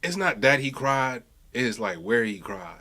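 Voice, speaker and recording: A man co-hosting a casual sports podcast, telling stories with lively impressions and casual swearing. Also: mid-range voice, a little slow. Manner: animated storytelling, mimics players, swears casually. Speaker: podcast co-host.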